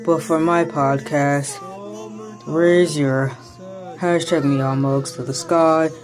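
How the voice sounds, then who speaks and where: A woman vlogger reading a food label aloud in a deadpan way, saying every comma and period. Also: deep voice, slow. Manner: deadpan, reads punctuation aloud. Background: music.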